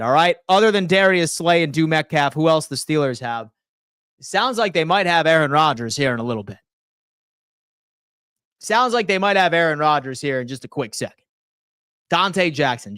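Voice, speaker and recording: Man, rowdy stream host, somewhat high voice, dry close sound. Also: clean tone, no echo. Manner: rowdy, teasing, swears, swings from loud rants to quiet asides. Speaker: host of a live sports stream. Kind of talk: live-stream chat reacting to viewers.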